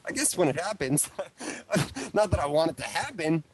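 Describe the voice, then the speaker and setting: A man's voice: fairly high pitch, very animated, moderate pace, a crowd in the background. A man co-hosting a live wrestling radio talk show, rambling casually with lots of fillers and repeated phrases. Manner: rambling, repeats himself, frequent fillers and "dude". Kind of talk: casual chat.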